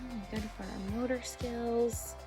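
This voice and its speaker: Gentle, encouraging woman teaching children art. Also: a little high, steady tone, unhurried, over music. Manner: gentle, encouraging, asks the class questions; drops to a whisper while painting.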